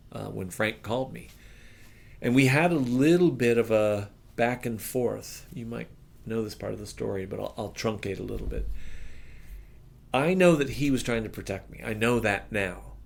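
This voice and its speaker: Gravelly-voiced drummer telling a story. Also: male voice, lowish voice, normal speed. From United States. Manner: acts out the people in his stories, voice jumping up for quoted lines. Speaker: drummer and interview guest. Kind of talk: animated storytelling in casual chat.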